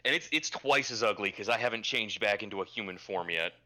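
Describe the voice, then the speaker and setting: Low, bright-voiced man playing a game. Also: brisk. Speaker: player. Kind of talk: casual tabletop play.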